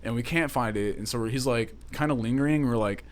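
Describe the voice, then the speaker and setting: A young man co-hosting a podcast tells a rambling story packed with "like," "dude," and plenty of swearing in casual chat. His voice is medium-pitched and he talks at a quick pace.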